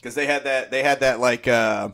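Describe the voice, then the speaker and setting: A man's voice: medium pitch, steady tone, normal speed, creaky, a bit bright. A middle-aged man co-hosting a casual TV review chat in a laid-back, slangy way. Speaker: podcast co-host.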